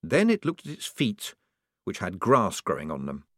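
A man narrating a comic fantasy audiobook in a measured, dry, expressive way. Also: low voice, no room sound.

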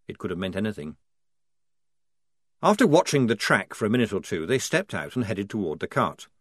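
A man's voice: fairly low pitch, big pitch swings, brisk, dry recording, studio quality. Man narrating a story with wry dryness. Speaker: audiobook narrator. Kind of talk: scripted narration.

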